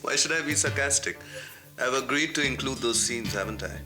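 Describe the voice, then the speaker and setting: An actor playing a measured, quietly sarcastic male film director. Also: mid-range voice, music in the background, close to an everyday voice. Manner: measured, dry, quietly probing. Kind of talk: 1990s TV drama acting.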